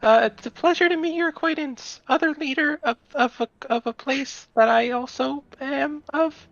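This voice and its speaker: A woman's voice: high voice, moderate pace, creaky, dry recording, highs cut off. A woman playing a tabletop game, bumbling and playful as she talks in character.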